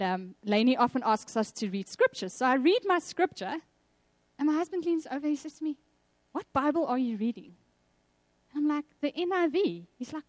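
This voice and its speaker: A South African woman with a high-leaning voice preaches a sermon, recorded with no echo. She tells personal stories in a lively manner and acts out the voices of the people she quotes.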